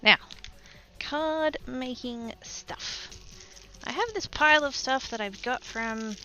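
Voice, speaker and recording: A woman's voice: high-pitched, takes it slowly, sharp tone, faint music behind, poor audio. An Australian woman chatting casually with viewers on a craft livestream, bubbly and giggly, through a headset mic at home.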